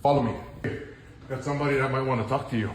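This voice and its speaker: A man acting as an upbeat tattoo shop worker in a skit clip, greeting a customer in a cheery, brisk way. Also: mid-range voice, steady tone, lightly acted. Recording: echoey clip with faint hiss.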